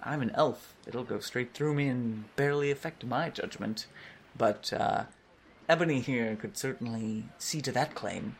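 A man's voice: medium pitch, unhurried, vocal fry, a little hiss or hum. A man voicing a pale elf woman sailor who speaks in a dry, dismissive way.

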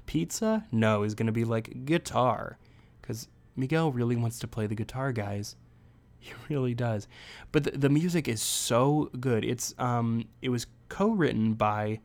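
A young man talks through a film review on his own podcast in a loose, casual way. He rambles, jokes and pokes fun at himself as he goes. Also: medium pitch. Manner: rambling, self-deprecating, jokey. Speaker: podcast host. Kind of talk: casual solo movie review.

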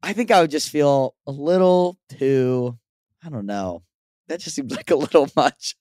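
A man's voice: a little high, unhurried, a little mellow, no echo, clean studio sound. A young man co-hosting a podcast, joking casually and laughing often. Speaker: podcast co-host. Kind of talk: casual chat.

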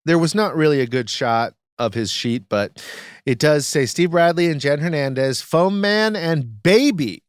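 Animated man ranting on a podcast. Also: a little high, unhurried, smooth, no echo, clean studio sound. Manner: animated, mock-outraged rants. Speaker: podcast co-host. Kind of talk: casual comedic chat.

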